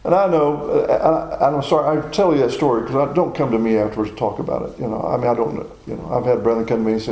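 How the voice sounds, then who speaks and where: A man's voice: mid-range voice, steady tone, fast talker, few pauses, mellow, roomy sound, rough recording. A man in his sixties preaching a sermon in a folksy, personal storytelling way. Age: 60s.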